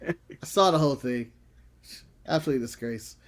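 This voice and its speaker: A man's voice: medium pitch, fairly quick. A man co-hosting a wrestling podcast in casual chat. He laughs often and tells stories with acted-out quotes.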